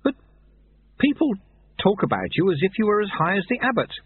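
A man's voice: sits high, wildly swooping pitch, a little fast, husky, voice pushed up, heavily acted. A man voicing an earnest young novice monk who asks eager, flustered questions, heard through tinny phone-like audio.

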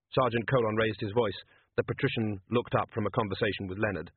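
A man narrating a comic novel in an expressive, wry storytelling manner. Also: on the low side, fairly quick, breathy edge, no room sound. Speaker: audiobook narrator. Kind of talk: scripted narration. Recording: dry, tinny phone-like sound.

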